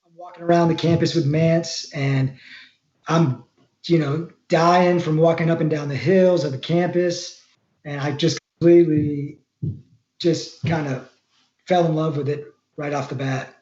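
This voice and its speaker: Man, Florida, interview guest, rambling storyteller, mellow, echoey lo-fi audio. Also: fairly high pitch, unhurried. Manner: relaxed, rambling, laughs while telling stories. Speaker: guest, former college wrestler.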